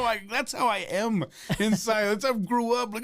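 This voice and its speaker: A man in his forties, a comedian guest in casual podcast chat, swearing freely and acting out scenes in loud bursts. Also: high-pitched, fast talker, few pauses, no echo, clean studio sound. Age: 40s. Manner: profane, animated, acts out characters in loud bursts. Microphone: studio mic.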